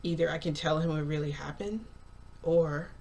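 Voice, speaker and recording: A woman's voice: deep voice, normal speed, darkish tone. Young woman, casual storytelling, chatty and rambling, faint background hiss. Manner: chatty, filler-heavy retelling with quoted dialogue. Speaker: vlogger.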